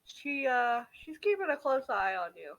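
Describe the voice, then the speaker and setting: A man running a tabletop game as game master, narrating haltingly with many fillers. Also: very high-pitched, sing-song, vocal fry, fairly bright tone, muffled recording.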